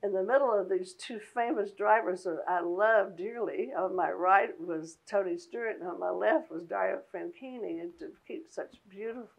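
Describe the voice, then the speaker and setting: A woman's voice: mid-range voice, vocal fry, rough recording. An older woman, a guest in a casual interview, talking in a folksy way and laughing often. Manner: folksy, laughs often, drawn-out warm Southern phrasing.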